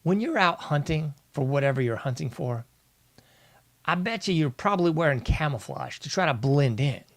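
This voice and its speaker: A man hosting a political commentary show, ranting in an exasperated tone and calling his listeners "folks". His voice sits fairly high, and the sound is dry and close. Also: animated, normal speed, dry recording. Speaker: host.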